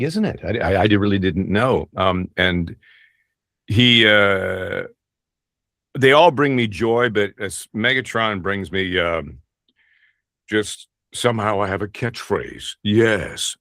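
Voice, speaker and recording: A man's voice: lowish voice, lively intonation, slow pace, a bit bright, no room sound, studio quality. A middle-aged man, a voice actor, talking casually in an interview, rambling and self-deprecating with many restarts. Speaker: voice actor guest.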